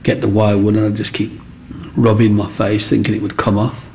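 A man's voice: lowish voice, little pitch movement, a little fast, darkish tone, slight background noise. A man telling his life story as an interview guest, acting out the voices of people in it. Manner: acts out voices in his anecdotes. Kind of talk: animated storytelling.

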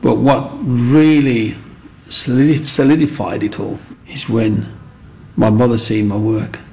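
Gravelly older man. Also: mid-range voice, steady tone, measured pace, dark tone, slight background noise, rough recording. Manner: rambling, earnest, with frequent asides. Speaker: interviewee. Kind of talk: reflective storytelling.

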